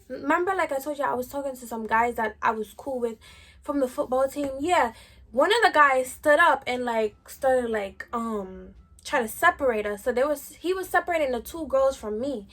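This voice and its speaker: Young adult woman, high voice, casual slangy storytime vlogger. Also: fairly bright tone. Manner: slangy, chatty, lots of "like" fillers.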